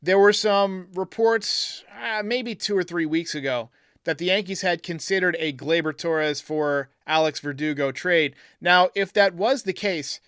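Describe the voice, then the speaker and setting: A man hosts a casual live stream, chatting and reading viewer comments aloud as he thinks things through. His voice sits a bit high and sounds smooth and clear. The sound is close and dry, with no room around it. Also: measured pace, fairly bright tone, no room sound. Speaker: podcast host reading live chat.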